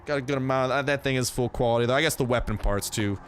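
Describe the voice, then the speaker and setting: A man's voice: medium pitch, quick pace, slight background noise. A young man giving casual, slangy gameplay commentary, chatty and full of jokey asides.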